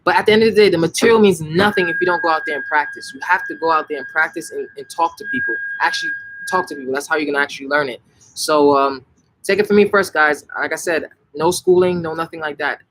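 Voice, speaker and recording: Young New guy, slightly high voice, loose live-stream Q&A host, punchy and animated. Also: fast talker, slight background noise, rough recording. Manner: animated, emphatic, frequent self-corrections and "like". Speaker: language-learning channel host answering viewer questions. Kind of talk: casual live Q&A.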